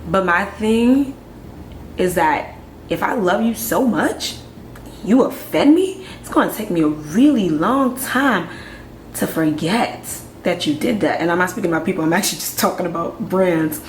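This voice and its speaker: A young woman from Nigeria, talking frankly to camera in a conversational way, full of quick asides and rhetorical questions. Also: on the low side, expressive, slight background noise. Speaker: vlogger. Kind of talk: candid commentary to camera. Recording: echoey room with faint ambience.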